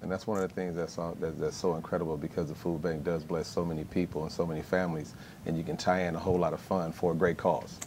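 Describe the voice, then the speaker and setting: A man hosting a studio talk show interview, upbeat and quick with his affirmations. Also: sits low, flat delivery, noisy background.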